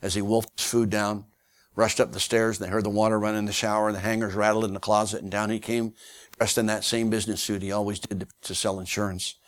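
A man preaching as a guest speaker, telling a story in a folksy, animated way with many fillers. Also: on the low side, fast. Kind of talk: sermon storytelling.

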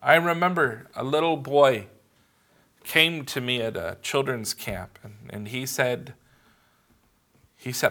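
A man preaching a sermon as pastor, earnest and measured, leaning on emphatic pauses. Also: medium pitch, sharp tone.

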